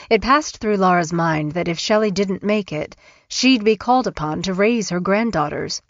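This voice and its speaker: A woman narrating an audiobook in a measured, even way. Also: mid-range voice, no echo. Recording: dull, dry studio recording.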